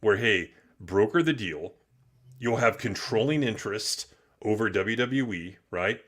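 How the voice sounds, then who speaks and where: A man's voice: fairly low pitch, animated, measured pace, fairly bright tone. A man hosting a loose, opinionated live-stream chat, swearing casually. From United States. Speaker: podcast host.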